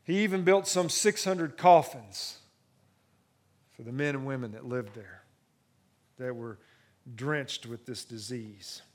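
A man preaching a sermon, swinging from hushed, intimate moments to rising excitement, often repeating and restarting phrases. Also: mid-range voice, slow, pauses often. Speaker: pastor.

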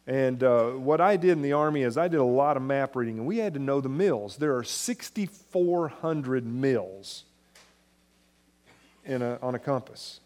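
A man's voice: animated, unhurried. Man preaching a conversational sermon. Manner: conversational preaching, swings from emphatic to soft and low. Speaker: pastor.

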